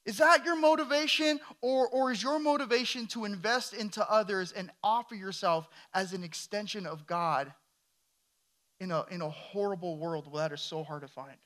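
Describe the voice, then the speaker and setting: Man, pastor, sermon, emphatic, questioning the congregation, high voice. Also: moderate pace, fairly bright tone.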